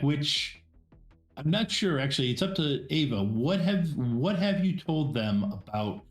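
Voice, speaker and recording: Male game master for a live tabletop stream, unhurried and halting, in an echoey room with faint music behind. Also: mid-range voice. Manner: halting, many fillers and restarts.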